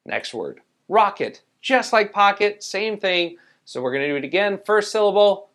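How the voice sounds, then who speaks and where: A man's voice: on the high side, big pitch swings, normal speed, fairly bright tone. A man teaching a spelling lesson, patiently explaining rules and sounding out each letter. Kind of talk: spelling tutorial.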